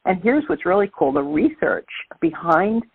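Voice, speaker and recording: A woman's voice: fairly low pitch, big pitch swings, normal speed, slightly rough, no room sound. A woman from Brooklyn with a Brooklyn accent, speaking emphatically and motivationally as a guest calling into an interview. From Brooklyn, New York. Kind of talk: phone-in interview. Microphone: phone. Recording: dry, tinny phone line.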